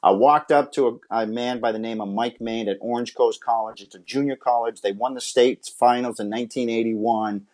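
A man from Massachusetts speaks as a podcast guest at an ordinary, mid-range pitch. He tells his life story earnestly and from the heart, in the style of a personal testimony. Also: fairly even intonation, normal speed, hardly any pauses, darkish tone. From Massachusetts, USA. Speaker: interview guest, former pitcher and scout.

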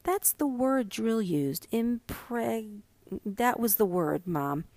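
A woman voicing an excitable, scheming little girl who talks eagerly and a bit whiny in a storybook reading. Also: a little high, slow, no echo. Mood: excited.

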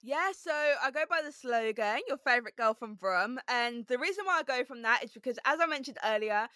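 A woman from Birmingham with a softened Brummie accent and a slight lisp, a guest speaking in an upbeat, emphatic way and repeating her key points. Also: on the high side, animated, fairly quick, no echo, clean studio sound. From Birmingham, England. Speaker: podcast guest. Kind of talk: casual interview chat.

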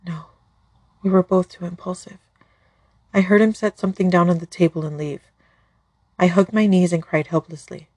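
A woman reading a first-person story aloud in a soft, emotional way, close to the mic. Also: fairly low pitch, fairly even intonation, moderate pace, pauses often, breathy edge, no room sound. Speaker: fan fiction podcast reader.

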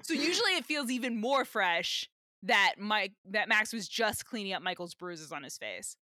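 A woman co-hosting a casual rewatch podcast, animated and exasperated, swearing casually as she chats. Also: mid-range voice, normal speed, dry recording, clean studio sound. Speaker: podcast co-host.

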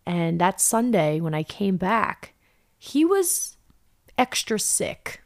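A woman's voice: mid-range voice, big pitch swings, slow. A young woman telling a personal story in an emotional, intense way, her voice climbing when she gets upset.

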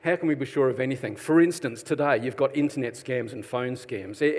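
Joking Australian preacher in a reverberant hall. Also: male voice, mid-range voice, fast, hardly any pauses, darkish tone. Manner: chatty, self-deprecating, jokes with the congregation. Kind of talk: sermon. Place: church hall.

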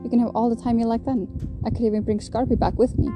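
A woman reading the part of a nervous, eager young male scribe who talks in a hurried, hesitant way, with guitar music behind. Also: a little high, little pitch movement, pitched above the performer's own voice, close to an everyday voice. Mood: flustered.

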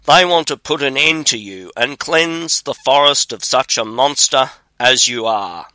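A man's voice: mid-range voice, a little slow, sharp tone, no echo, rough recording. A man reading the lines of a fearless, crafty young drummer. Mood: bold.

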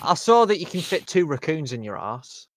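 A man's voice: fairly high pitch, big pitch swings, moderate pace, crowd noise. A man in casual chat, stammering and rambling with crude language.

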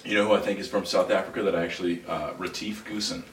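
A man, a lead pastor, chatting casually on a podcast, joking around and laughing often, with halting restarts. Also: deep voice, fairly even intonation. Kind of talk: casual chat. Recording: roomy sound from a distant mic, faint noise.

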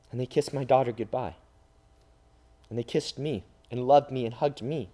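A man preaching an emotional sermon as a youth pastor, swinging between loud cries and hushed, near-whispered lines. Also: medium pitch, moderate pace, pauses often. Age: adult father.

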